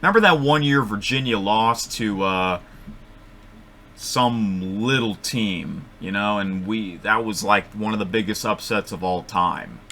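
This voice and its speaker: A man thinking aloud as he makes picks at his computer microphone, rambling and correcting himself, with sudden excited outbursts. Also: fairly low pitch, measured pace, slight background noise. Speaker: vlogger making bracket picks. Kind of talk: casual thinking-aloud commentary.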